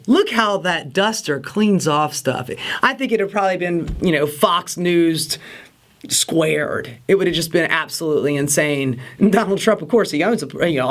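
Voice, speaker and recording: A woman's voice: on the low side, expressive, normal speed. Sarcastic woman ranting about politics, voice all over the place, totally fed up. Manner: exasperated, sarcastic, mocking impressions. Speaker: political commentary host. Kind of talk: casual political rant.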